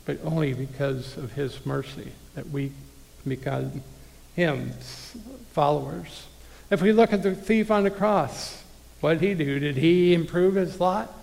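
A man's voice: a little high, gravelly, a little mellow. A man preaching a conversational sermon, reading scripture aloud and talking directly to his listeners. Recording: long hall reverb.

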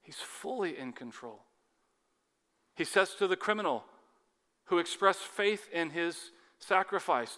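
A man preaching a sermon with dramatic swings between loud urgency and hushed intensity. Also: on the high side, measured pace. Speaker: pastor. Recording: long hall reverb.

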